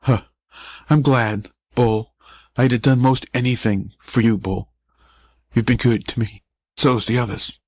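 A man reading the part of a frail, dying young boy who speaks in soft, halting whispers. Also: medium pitch, fairly even intonation, dry recording, natural voice. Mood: weak, tender. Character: dying young boy, weak, brave, faintly cocky.

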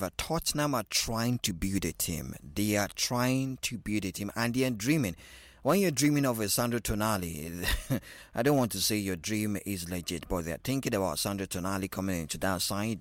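A man's voice: low voice, dry recording. A man with a Nigerian accent hosting a radio sports call-in show, teasing callers with laughs and slipping into pidgin. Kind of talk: casual call-in chat.

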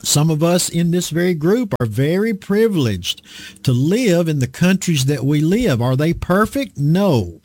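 Slow, animated male preacher. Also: a little high, no room sound. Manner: slow, deliberate, draws out words for emphasis. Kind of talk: online Bible study sermon.

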